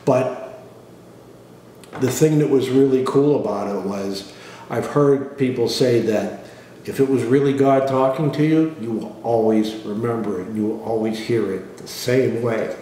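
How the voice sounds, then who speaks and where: Middle-aged man, plain-spoken testimony, clears throat a lot, very echoey room, a bit far from the mic. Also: medium pitch, unhurried, dark tone. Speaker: father sharing a personal testimony. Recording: echoey room, voice from some distance, faint noise.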